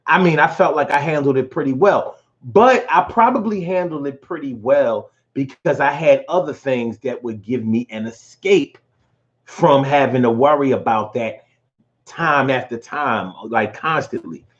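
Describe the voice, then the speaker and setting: A man's voice: mid-range voice, measured pace, lo-fi sound. A man hosting a casual live show, telling personal stories with lots of profanity and feeling. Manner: animated storytelling, profane and emotional. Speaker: host. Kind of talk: casual live-stream talk.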